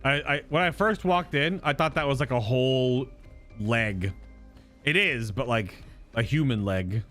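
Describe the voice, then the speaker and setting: A man's voice: mid-range voice, measured pace, a bit bright, soft background music. A man giving casual, playful commentary while playing through a video game, joking and thinking aloud as he explores. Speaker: let's play host.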